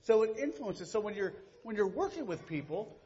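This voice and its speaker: A middle-aged man co-leads a church workshop with a joking, sarcastic edge. His pitch moves a lot. The sound is lo-fi, with a long reverb from the hall. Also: sing-song, brisk, mellow. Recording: lo-fi hall recording.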